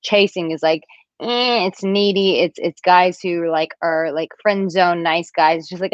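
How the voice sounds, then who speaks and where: Unhurried but chatty and animated, a dating and relationship coach in her thirties replies to live-stream viewers from a villa room at home, acting out their comments in a high, squeaky impression. Her voice is a touch low for a woman. The recording is dry and slightly dull, like a home webcam mic.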